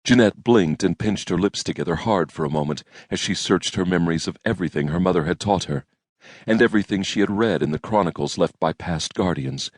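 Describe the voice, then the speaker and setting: A man narrating an audiobook in a measured storytelling manner, recorded on a close studio mic. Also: sits low, husky, no echo. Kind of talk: scripted narration.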